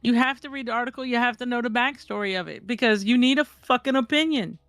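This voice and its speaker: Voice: mid-range voice, quick pace, a bit bright, no echo. A speaker in a casual online voice chat who makes points emphatically and swears often. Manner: emphatic, profane. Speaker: voice chat participant. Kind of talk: casual discussion.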